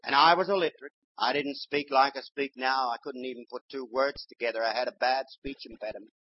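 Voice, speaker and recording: An older man preacher delivering a sermon, swinging from loud exhortation to quiet, low storytelling. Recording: dull lo-fi sermon recording.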